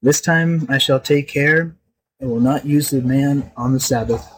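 A man reading a storybook, voicing a stern, solemn old rabbi in measured tones. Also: medium pitch, breathy edge, rough recording.

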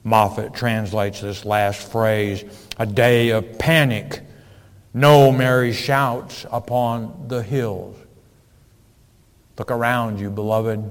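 A man preaching a sermon, reading scripture in old-fashioned wording with emphasis and building to loud warnings. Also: medium pitch. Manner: slow and deliberate, swells louder on scripture and warnings. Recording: long hall reverb.

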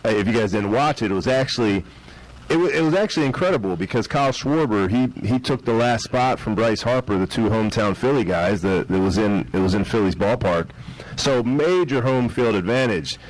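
A man co-hosting a sports radio talk show, recounting events with animated, restart-filled chat. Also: lowish voice, a little fast, rough recording. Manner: animated storyteller, many restarts.

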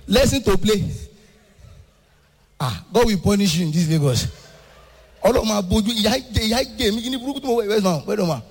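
A young adult Nigerian man from Ibadan performing stand-up comedy, animated, swinging between shouting and a sing-song delivery. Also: very high-pitched, brisk, breathy edge, long reverb tail, faint music behind.

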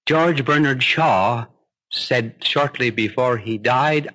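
A man preaching a sermon. He tells a story with gentle humor and recites tender verse. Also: mid-range voice, slow.

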